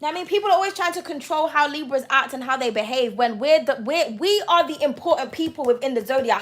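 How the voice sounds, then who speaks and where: A high-voiced woman runs a tarot reading to camera. She talks with passion and no sugarcoating, swearing freely as she lays out the cards. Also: animated, fast talker, few pauses, a little hiss or hum. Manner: passionate, blunt and profane. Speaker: tarot reader.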